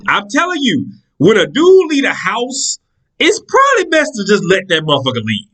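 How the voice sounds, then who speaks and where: Sex: man. Role: storyteller. Style: casual storytelling monologue. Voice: fairly high and bright. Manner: animated, profane, acts out characters. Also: moderate pace, poor audio. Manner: animated, profane, acts out the people in his stories.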